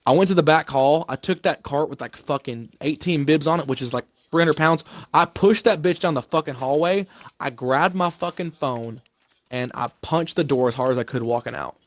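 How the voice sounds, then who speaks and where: Recorded without echo, this young adult man speaks at a moderate pace in a voice a little on the high side. He's in casual conversation, angrily recounting problems at work in a profane, heated rant.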